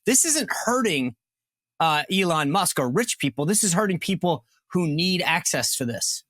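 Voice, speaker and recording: A man hosting a political interview podcast, talking in an animated, incredulous way, often restarting his sentences. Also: fairly high pitch, normal speed, no room sound, clean studio sound. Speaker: podcast host.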